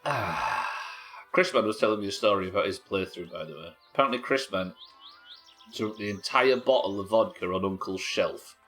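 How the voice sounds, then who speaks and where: Lowish, sweary British streamer. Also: male voice, moderate pace, fairly bright tone, faint music behind. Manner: chatty, sweary, talks to chat while working. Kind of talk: live gameplay commentary.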